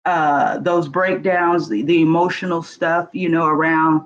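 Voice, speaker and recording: A woman's voice: low voice, fairly even intonation, a little slow, highs cut off. A middle-aged woman, emotional and earnest, frankly telling her life story as a guest panelist on a video call. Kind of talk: candid personal storytelling.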